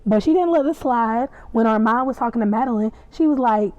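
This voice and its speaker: Chatty, excitable woman reviewing a show. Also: a little high, fairly quick, dull audio. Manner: excitable, chatty, acts out the scenes. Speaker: podcast reviewer. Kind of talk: casual recap and reaction.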